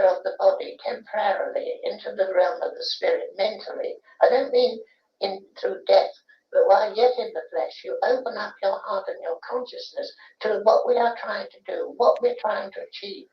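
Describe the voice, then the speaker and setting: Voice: medium pitch, lightly acted. A medium voicing the spirit of a young Cockney boy, preaching earnestly about human potential on an archival recording. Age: about 12 as played. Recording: roomy, dull archival séance tape.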